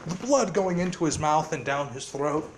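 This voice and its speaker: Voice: medium pitch, moderate pace, a little hiss or hum. A casual storyteller rambling through a fan scenario with frequent laughter, filler words and heavy swearing.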